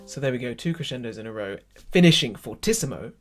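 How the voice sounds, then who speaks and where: A man's voice: medium pitch, animated, fast talker, a bit bright, soft background music. A man leading an online choir rehearsal, explaining German pronunciation and musical phrasing and counting the singers in. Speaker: choir leader.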